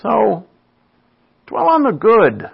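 A man's voice: high voice, huge pitch swings, very slow, gravelly, breathy edge. A man giving an informal, chatty sermon, often checking in with the listeners by asking "right?". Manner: chatty, asks "right?" often, laughs at own asides. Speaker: preacher. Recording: dull lo-fi recording.

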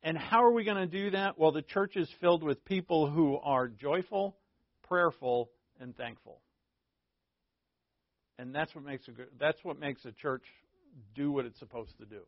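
A man's voice: fairly high pitch, normal speed, dry recording. A man preaching as a pastor in informal Bible teaching, conversational and joking, often checking in with his listeners. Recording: dull lo-fi dry recording.

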